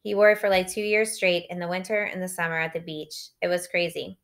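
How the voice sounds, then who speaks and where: Woman reading as a chill teen girl, matter of fact, lowish. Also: fairly even intonation, brisk, natural voice. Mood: casual. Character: teenage girl, cool pink-haired cheerleader, knowing. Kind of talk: audiobook reading.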